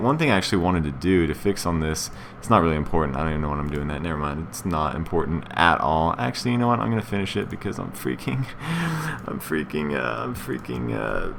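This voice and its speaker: A young man talks casually at his computer at home, walking through a tutorial. His voice sits low but has a bright, forward edge. He rambles, loses his train of thought and keeps tossing in filler slang. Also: gravelly, slight background noise. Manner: rambling, chatty, says "man" and "freaking" a lot. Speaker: YouTuber explaining a layout tutorial. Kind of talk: casual screen-recorded tutorial. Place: room at home with air conditioning running.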